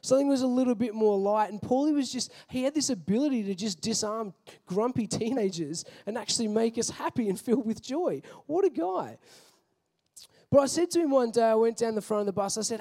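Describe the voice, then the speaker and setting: High-voiced Australian male pastor. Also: lively intonation, fairly quick, warm tone. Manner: casual, storytelling, many fillers. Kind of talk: sermon with personal stories.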